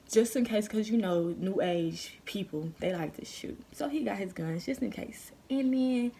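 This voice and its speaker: A young woman telling a story on her vlog, animated and profane, full of slang. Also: fairly low pitch, gravelly, a little hiss or hum. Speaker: vlogger.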